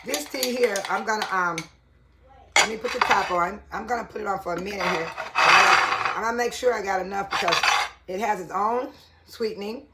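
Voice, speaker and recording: A woman's voice: mid-range voice, moderate pace, very noisy. A woman chatting to viewers in her home kitchen, casual and laughing often. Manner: chatty, laughs a lot, addresses viewers as y'all. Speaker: vlogger. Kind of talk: casual kitchen vlog talk.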